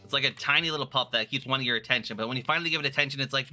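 A man's voice: medium pitch, very fast, bright, forceful tone, faint music behind. A man chatting casually on a live stream, playful and rambling, often restarting his sentences. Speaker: vtuber streamer.

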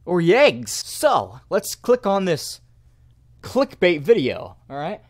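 A young man riffs sarcastically over a video he is reacting to, mocking and swearing as he restarts his sentences. His pitch swings widely, and the close mic gives a dry sound. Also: wildly swooping pitch, takes it slowly, dry recording.

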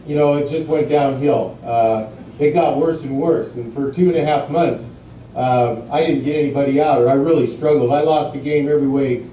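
A middle-aged man, the guest speaker at an induction ceremony, tells a string of rambling anecdotes full of fillers and laughs at his own stories. His voice is medium-pitched, and the recording from the large banquet hall is distant, muffled and echoey, with slight background noise.

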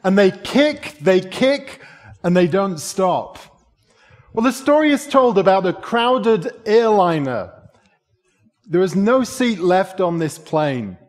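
A man preaching a sermon, telling a story in a measured way and asking the congregation rhetorical questions. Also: sits high, sing-song. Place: church sanctuary. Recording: long church reverb.

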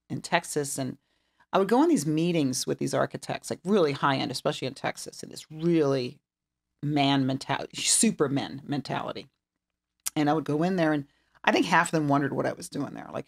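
A middle-aged woman with a gravelly, fry-laden voice, telling a long story as a podcast guest. She talks animatedly and acts out what everyone said, jumping into the quoted lines. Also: low voice. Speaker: interior designer guest. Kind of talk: storytelling interview chat.

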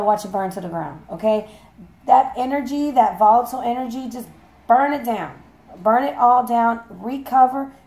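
A hoarse woman giving a chatty, playful tarot reading, swearing casually as she talks. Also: fairly high pitch, mellow. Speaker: tarot reader.

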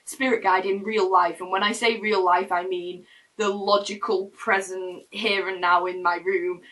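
A woman's voice: mid-range voice, level tone, unhurried, fairly bright tone, recorded from a distance, low-quality recording. A young woman telling a personal story to camera in her room, in a chatty, rambling way with frequent restarts. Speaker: vlogger. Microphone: camera mic.

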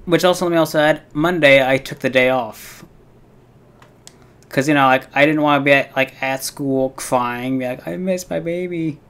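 A man's voice: medium pitch, fairly even intonation, moderate pace, fairly bright tone, clear, resonant tone. A young man streaming a game, rambling through a personal story with plenty of fillers and swearing. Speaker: gaming streamer. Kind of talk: casual storytelling while playing a game.

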